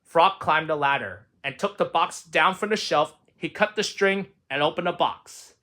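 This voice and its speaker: A man reading a children's storybook aloud with expressive, lilting narration. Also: on the high side, moderate pace. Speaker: storybook reader.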